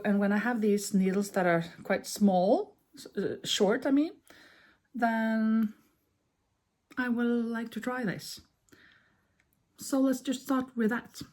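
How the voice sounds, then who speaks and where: A woman's voice: a little high, takes it slowly, pauses often, dark tone. A woman in her fifties, a Norwegian native speaker, chatting casually in a crafting vlog while she works and corrects herself as she goes. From Norway. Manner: chatty, thinks aloud, self-correcting. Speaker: crochet vlogger.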